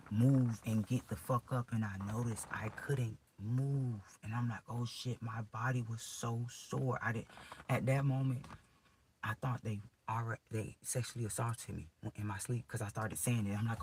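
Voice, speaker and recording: A man's voice: medium pitch, steady tone, unhurried, a little mellow, slight background noise, rough recording. A man emotionally recounting a personal ordeal to his viewers in casual, profane, rambling speech full of restarts.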